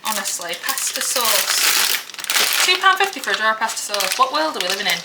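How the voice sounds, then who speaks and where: A woman's voice: on the high side, sing-song, racing. Chatty Northern English woman vlogging at home. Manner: chatty, laughs often, mock-outraged about prices. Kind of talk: casual chat to camera. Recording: clear background noise at home.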